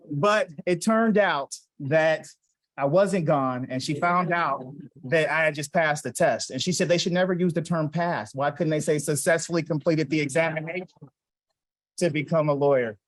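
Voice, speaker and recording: A man's voice: on the high side, moderate pace, poor audio. A man in his forties giving an award speech, telling a personal story in a conversational way, acting out family dialogue and asking the audience questions. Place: event hall.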